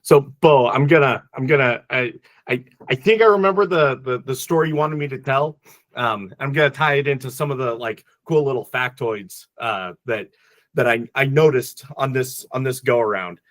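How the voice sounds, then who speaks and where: A man co-hosting a casual movie podcast, talking in halting bursts full of restarts, and openly emotional. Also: mid-range voice, a bit bright, dry recording. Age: adult father. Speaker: podcast co-host.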